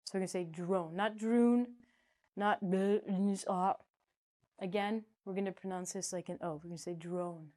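Lady teaching english sounds, goofy and animated, whoops then mutters asides, mid pitch. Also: moderate pace. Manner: animated, jokey, talks to herself in asides. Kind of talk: playful pronunciation lesson.

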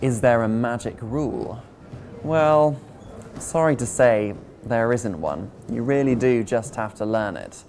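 A man presenting a scripted English pronunciation lesson, spelling out word endings slowly and clearly. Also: medium pitch, a little mellow, slight background noise. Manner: slow, deliberate, spelling out words.

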